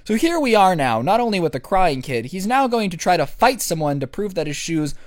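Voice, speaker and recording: A young man telling a comic story to camera, sarcastic, with crude deadpan asides. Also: high voice, brisk, no echo, studio quality. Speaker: vlogger.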